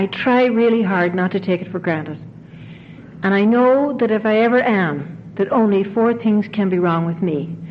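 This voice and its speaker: A woman giving an earnest, emotional talk to a recovery convention audience, repeating phrases for emphasis. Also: lowish voice. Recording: dull 1990s tape, faint hiss.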